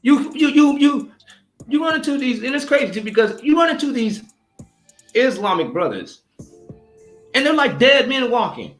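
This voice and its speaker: A man preaches in a heated, combative rant, cursing freely and mocking his opponents. His pitch leaps around with lively swings as he presses his points. The voice rings in an echoey room while faint music plays behind. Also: normal speed, pauses often.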